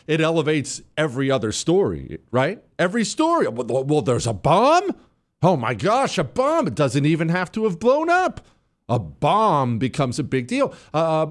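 Male radio host, middle-aged, lively pitch swings, emphatic and opinionated, hiccuping. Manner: opinionated, emphatic, animated delivery with wide swings. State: has the hiccups. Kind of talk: talk radio monologue.

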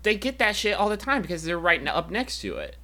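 An American man co-hosting a comedy podcast, riffing quickly and building to loud bits. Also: sits high, big pitch swings. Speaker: podcast co-host. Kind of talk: casual comedic banter.

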